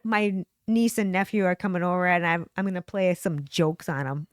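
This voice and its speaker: A woman's voice: fairly low pitch, fairly even intonation, normal speed, no echo, studio quality. A woman co-hosting a casual podcast, playful and giggly as she talks about pranks. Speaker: podcast co-host. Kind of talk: casual chat.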